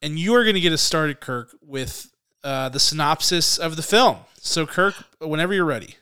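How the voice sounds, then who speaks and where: A man co-hosting a casual film review podcast, relaxed and chatty with frequent restarts. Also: fairly high pitch, normal speed, clear, resonant tone, no echo.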